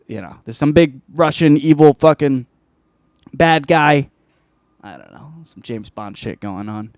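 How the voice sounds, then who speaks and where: A man's voice: on the high side, unhurried, a little mellow, no echo. Rambling, profane man in a dry room. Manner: rambling, profane, self-interrupting. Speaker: podcast host. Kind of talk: casual film review chat.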